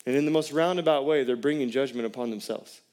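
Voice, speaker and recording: A man's voice: medium pitch, fast talker, a little mellow. A man, a pastor preaching a sermon in a conversational way and putting questions to the congregation.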